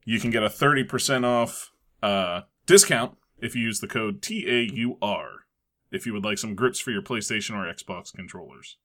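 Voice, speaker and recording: A man's voice: on the low side, moderate pace, a bit bright. A man co-hosting a podcast, rattling off offhand plugs and crude jokes. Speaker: streamer and podcast co-host. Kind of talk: casual chat, reading plugs.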